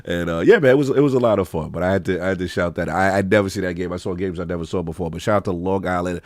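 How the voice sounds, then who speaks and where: A man's voice: sits low, rapid-fire, dry recording, studio quality. A man hosting a casual gaming podcast, telling stories with lots of laughter. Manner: animated storyteller, laughs often. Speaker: podcast host.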